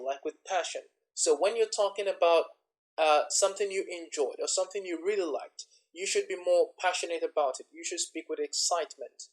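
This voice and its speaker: A man teaching an English exam lesson, explaining step by step and repeating example words with clear stress. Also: sits high, low-quality recording. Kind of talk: instructional lesson.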